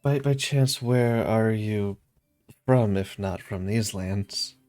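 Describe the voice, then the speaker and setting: A man playing a tabletop game, asking halting questions in character. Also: on the low side, a little mellow, soft background music. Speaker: player.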